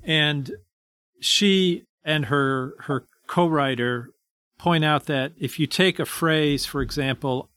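A man reading scripture verses aloud and then explaining them in a measured, deliberate way. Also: fairly high pitch, expressive, fairly bright tone, no echo.

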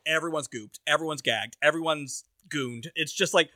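A man co-hosting a podcast, making wry, deadpan jokes in casual chat. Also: fairly high pitch, normal speed, no echo, studio quality. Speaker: podcast co-host.

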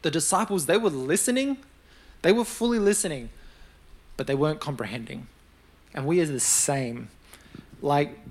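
A young man delivers a sermon in a relaxed, talkative way. His voice sits a little high for a man, and he slips into lively acted voices for the people in his stories. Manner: conversational, animated storytelling with acted-out quotes. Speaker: preacher.

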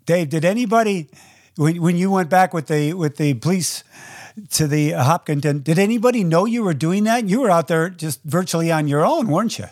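Guy interviewing, kinda high voice, dry close sound, short questions. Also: expressive, fairly quick, darkish tone, no room sound.

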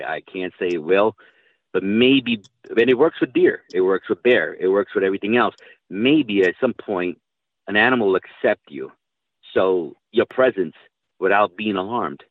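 Gruff folksy hunter on a phone line. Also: male voice, fairly low pitch, animated, moderate pace, no echo. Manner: rambling, swears casually, folksy. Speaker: guest hunter telling stories. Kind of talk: casual storytelling. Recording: tinny phone-line audio.

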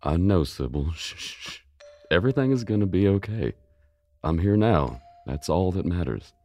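An actor playing a worried, loving father who gently soothes his daughter. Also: low-pitched, animated, moderate pace. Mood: soothing.

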